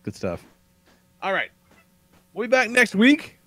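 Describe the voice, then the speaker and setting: A man hosting a casual podcast, cursing freely as he wraps things up. His pitch sits a bit high and bounces around a lot. The sound is dry and close. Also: wildly swooping pitch, unhurried, pushed and bright, no echo. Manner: profane, wraps up the show. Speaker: podcast host. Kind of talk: casual chat.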